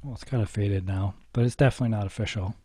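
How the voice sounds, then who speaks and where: A man's voice: lowish voice, very fast, noisy background. A man co-hosting a podcast, chatting in an easygoing, laid-back way. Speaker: podcast co-host. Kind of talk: casual chat.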